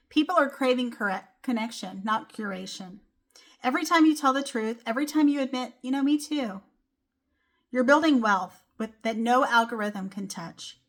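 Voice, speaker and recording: A woman's voice: on the high side, fairly bright tone. A young woman hosting a solo motivational podcast, talking casually with lots of "like" and "you know.". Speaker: podcast host.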